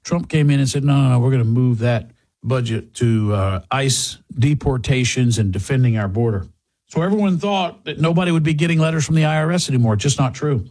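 A man's voice: medium pitch, expressive, a little fast, a little mellow. A man reading a live radio advertisement in an urgent, persuasive way.

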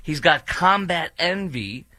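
A man's voice: a little high, lively intonation, slow pace, bright, forceful tone, no echo. A man hosting a talk radio show, ranting indignantly with sarcastic asides. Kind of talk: opinionated radio commentary.

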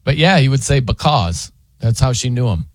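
A man's voice: mid-range voice, quick pace, dry recording. A man hosting a radio show, chatting casually with his co-host and laughing often as he mimics how people talk. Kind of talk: casual on-air chat. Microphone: studio microphone.

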